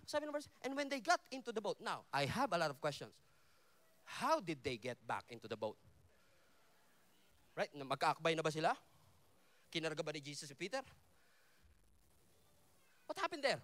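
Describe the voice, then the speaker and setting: Filipino-accented male preacher, high and lively voice, playful storytelling sermon, code-switching. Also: fairly quick, pauses often. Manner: switches between English and Tagalog, acts out the disciples. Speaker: pastor. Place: festival stage before a congregation.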